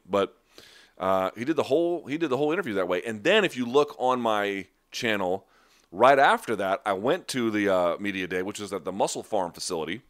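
Fielding live chat questions on his podcast, this man speaks in a lowish, slightly bright voice. His manner is loose and conversational, wandering through restarts and side comments.

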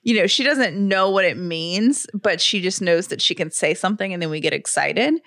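A woman's voice: on the low side, normal speed, no room sound. Young woman co-host, bubbly and gushing, dry studio sound. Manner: gushing, excitable storytelling. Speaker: podcast co-host. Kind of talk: casual chat.

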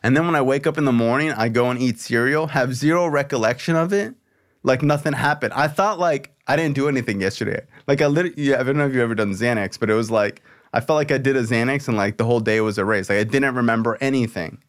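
A male podcast host with a voice of ordinary, middling pitch. He tells his story in a loose, casual way, swearing freely and leaning on "like" between phrases. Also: quick pace. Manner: loose, profane, filler-heavy with lots of "like".

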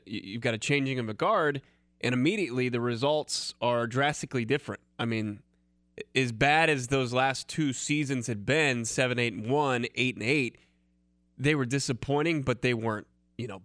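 An American man co-hosting a sports podcast, talking in a measured, reasoning way. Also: mid-range voice, fairly bright tone, no echo. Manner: measured, hedging, builds arguments. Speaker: podcast co-host. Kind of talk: casual sports talk.

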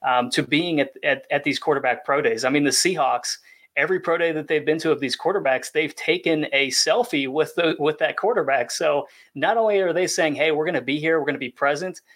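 Measured man explaining draft strategy. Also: a little high, a bit bright. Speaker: draft analyst. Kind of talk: podcast discussion.

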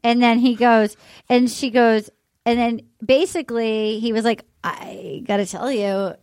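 A woman's voice: fairly high pitch, steady tone, a little slow, a little mellow, clear, resonant tone, dry recording, clean studio sound. A woman podcast host recapping a dating show in casual chat, animatedly acting out the lines she quotes.

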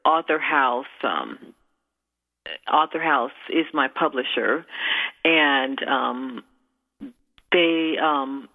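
Woman host on a tinny phone line, slow and chatty, bubbly and rambling. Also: extremely low pitch. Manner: bubbly and rambling, with many fillers and restarts. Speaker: radio show host and minister. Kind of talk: casual chat on internet radio.

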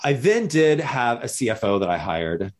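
A man from Missouri tells his story as an interview guest, his pitch leaping up and down. He slips into quoted voices to act out what other people said. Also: sing-song, normal speed. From Missouri, USA. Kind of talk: conversational storytelling.

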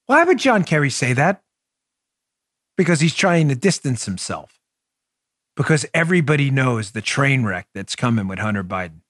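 A man's voice: mid-range voice, very animated, moderate pace, pauses often, a bit bright, no room sound, studio quality. A middle-aged man hosting a political podcast, talking emphatically and jokingly through commentary and sponsor reads. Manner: emphatic, jokey, riffs and does mock voices. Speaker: podcast host.

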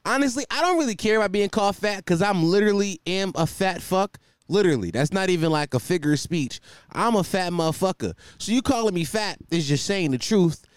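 A man's voice: a little high, no room sound. A man hosting his own podcast, riffing in a joking, profane, rambling way from a hot room at home. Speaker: podcast host. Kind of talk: casual comedic monologue. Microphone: desk microphone.

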